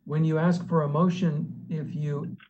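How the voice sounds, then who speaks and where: A man on city staff, explaining procedures and presenting to a board in a virtual public meeting, polite and halting with frequent restarts. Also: a little high, level tone, a little mellow, highs cut off, slight background noise.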